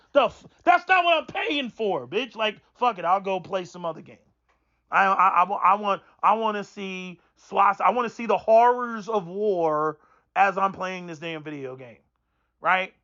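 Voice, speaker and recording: A man's voice: high voice, fairly bright tone, dull audio. A man giving a heated, profane commentary rant, stumbling and repeating words as he goes. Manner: heated, profane, repetitive restarts. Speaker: vlogger. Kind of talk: ranting commentary.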